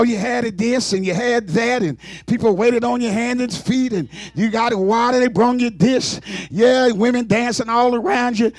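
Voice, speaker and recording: Fiery, very high-voiced man preaching. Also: dry recording, studio quality. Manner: fervent, shouting with call-and-response. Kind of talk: sermon.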